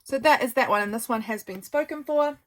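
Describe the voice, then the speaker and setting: A woman from New Zealand, with a slightly high voice and brisk delivery, shows her journal work in a casual craft show-and-tell. She's chatty and gushing, softly rambling, while tired enough to yawn.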